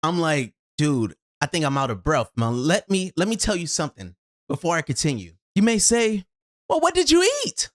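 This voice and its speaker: At a moderate pace, the video host shares a personal story with plenty of expression, dramatizing how they reacted. Loud bursts alternate with low side comments, and the sound comes from a shotgun mic in a home studio.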